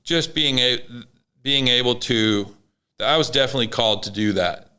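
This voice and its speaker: A man's voice: mid-range voice, normal speed, bright, forceful tone, smooth. A man in casual conversation, telling an emotional story with many restarts. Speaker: podcast guest.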